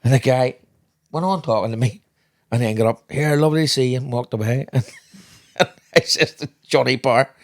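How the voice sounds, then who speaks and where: A man's voice: medium pitch, moderate pace, long pauses. A man co-hosting a podcast, telling rambling anecdotes in casual chat and swearing freely. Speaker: podcast co-host, father.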